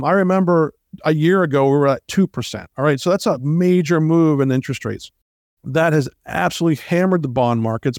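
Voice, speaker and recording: A man's voice: fairly high pitch, darkish tone, dry recording, clean studio sound. Emphatic man hosting a retirement talk show. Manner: emphatic, with rhetorical questions and direct asides to listeners. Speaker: retirement planning show host. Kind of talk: persuasive radio talk-show monologue.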